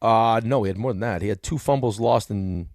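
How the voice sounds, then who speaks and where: A man's voice: on the low side, a little mellow, no room sound, clean studio sound. A man with a New York accent hosting sports radio, rambling through casual sports talk with lots of fillers. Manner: rapid, rambling with many fillers.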